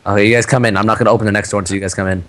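A man gaming with friends, excitable and laughing, urging others on. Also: on the low side, very fast. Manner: excitable, laughing, bossy calls to go. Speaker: gamer playing with friends. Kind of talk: casual gaming chat. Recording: loud background noise and mic clicks.

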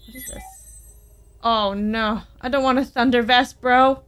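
Excitable woman commenting on a game. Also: a little high, measured pace, a little hiss or hum. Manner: excitable, chatty, reads game text aloud. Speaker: gamer playing on her channel. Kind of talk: let's play commentary. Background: game music.

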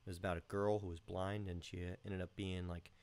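A man hosting a casual live stream, talking in a relaxed, rambling way with lots of fillers, from home. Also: sits low, brisk.

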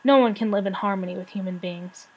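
A woman's voice: medium pitch, husky, lightly acted, poor audio. A woman voicing Slatebeard, an old weary dragon. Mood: grave. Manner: slow, solemn, grave.

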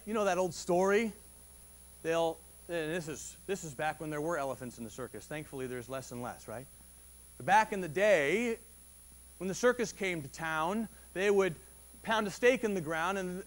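Pastor guy giving a sunday sermon, pretty high voice, chatty and animated, restarts a lot, ramps up when he makes a point. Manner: animated and conversational, with frequent restarts and rising emphasis. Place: church service.

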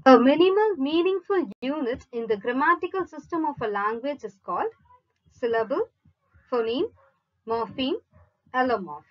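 A woman teacher slowly reading out multiple-choice questions, listing each option before giving the answer. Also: high-pitched, expressive, lo-fi sound. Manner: measured, reads each option in a list then gives the answer. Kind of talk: slow read-out quiz lesson.

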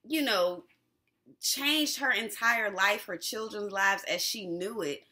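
A woman hosts a casual recap of a TV episode, talking in loose slang and breaking into laughter often. Her voice is bright and swings widely in pitch as she gets worked up. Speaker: TV recap host.

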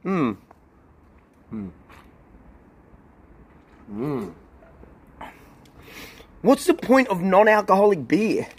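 Lounging by a pool, this young man talks casually to his stream chat and keeps cracking up laughing. His husky voice sits high and swoops wildly in pitch, coming out extremely slowly with long gaps between phrases.

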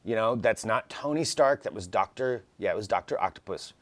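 A man's voice: lowish voice, animated, a little fast, dry recording. A man co-hosts a live tech show and chats loosely with his partner. His voice swings up and down as he reads out viewer comments. He laughs easily and keeps the tone easygoing. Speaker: co-host.

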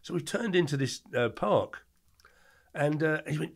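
A middle-aged man telling animated anecdotes as a podcast guest, acting out the quotes in his stories. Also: on the high side, a little slow, creaky. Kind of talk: casual storytelling.

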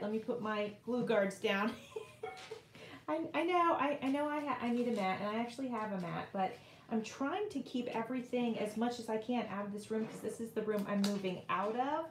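A woman's voice: mid-range voice, vocal fry, echoey room, a little hiss or hum. A middle-aged woman hosting a casual crafting livestream from her home craft room, chatting and rambling as she works and reads viewers' comments aloud.

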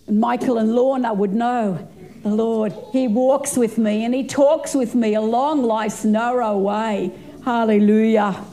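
A woman's voice: on the high side, mellow. A woman pastor in her sixties preaching a fervent sermon, stretching and repeating her phrases.

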